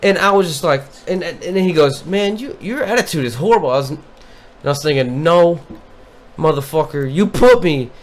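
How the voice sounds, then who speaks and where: A man's voice: on the high side, animated, brisk. A man co-hosting a casual podcast, telling a profane, exasperated story about a coworker. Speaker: podcast co-host. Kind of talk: casual chat.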